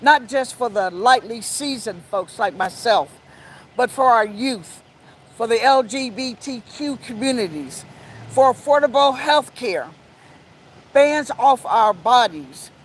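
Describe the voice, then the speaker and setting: A woman who founded an advocacy group, opening a press conference with a rallying speech that slows down for emphasis. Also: a little high, animated, slight background noise, poor audio.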